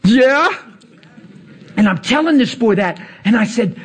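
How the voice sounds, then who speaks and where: A man's voice: unhurried, husky. A man preaching, telling a personal story with acted-out dialogue and emphatic rising passages. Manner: animated, acts out dialogue, rises to emphatic highs. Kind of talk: sermon storytelling.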